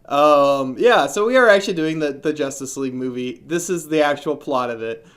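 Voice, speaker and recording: A man's voice: a little high, moderate pace, a bit bright. A man talking casually to his viewers in a video outro, loose and laughing, with restarts. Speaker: YouTuber.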